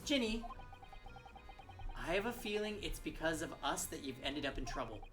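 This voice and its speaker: A woman's voice: low voice, sing-song, normal speed, music in the background. A woman reading an earnest young male lawyer. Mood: concerned.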